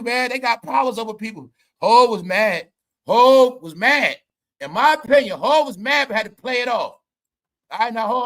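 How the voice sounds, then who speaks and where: Man, comedic commentary vlogger, rambling, swearing, laughing a lot, high, bright voice. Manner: rambling, profane, laughs often, stammers.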